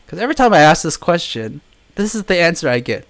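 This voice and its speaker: A man's voice: on the high side, very animated, fast talker, creaky. A man answering viewer questions in a casual live chat, telling stories and laughing often. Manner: chatty storytelling, laughs often.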